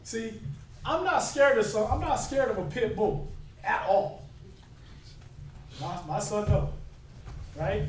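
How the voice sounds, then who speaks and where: A man's voice: high voice, sing-song, slow, pauses often, slight background noise. A man teaching a scripture class in an informal sermon style, talking conversationally and often checking in with "right?". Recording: echoey room recorded from far off.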